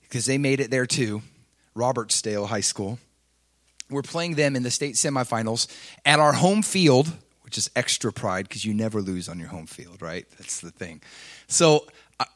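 A middle-aged man preaching, telling a personal story with swings between loud intensity and quiet confession. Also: on the high side. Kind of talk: sermon storytelling.

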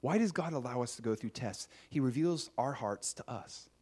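A man's voice: mid-range voice, expressive, normal speed, darkish tone, husky. A man preaching a sermon in a conversational storytelling way, acting out the scenes he tells.

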